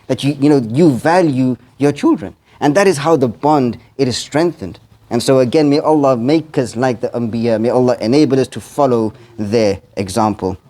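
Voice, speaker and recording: A man's voice: mid-range voice, warm tone. A man, an imam, giving a sermon in the manner of an earnest storyteller, quoting Arabic verses and translating each one.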